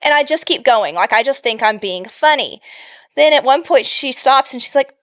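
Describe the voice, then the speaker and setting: A young woman with a high voice tells stories on a casual podcast. She is animated and pokes fun at herself, laughing often as she goes. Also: normal speed. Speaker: podcast co-host. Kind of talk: casual storytelling chat.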